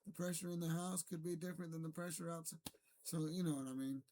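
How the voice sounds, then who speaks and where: Solo streamer, male, fairly high voice, rambling and argumentative, restarts his sentences. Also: fairly even intonation, fast, mellow, slight background noise. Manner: rambling, self-correcting, argumentative. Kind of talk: unscripted solo rant to camera.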